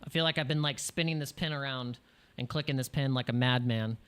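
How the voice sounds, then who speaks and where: A man's voice: medium pitch, fairly quick, a bit bright, clear, resonant tone. An American man hosting a crypto livestream in casual chat, rambling and joking, with frequent laughs and restarts, jittery from espresso. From United States.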